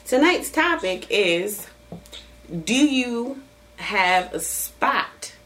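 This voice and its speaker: A woman's voice: on the high side, expressive, drawn-out words, bright, forceful tone. A woman hosting a podcast, chatting casually in a frank, profane way, often laughing as she tells stories. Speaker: podcast host. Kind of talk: casual chat.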